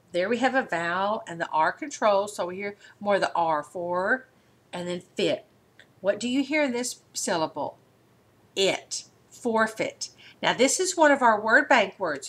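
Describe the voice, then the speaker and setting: Patient woman teacher, slow and encouraging, sounding out phonics on a webcam. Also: fairly high pitch, fairly bright tone. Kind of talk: mock phonics lesson.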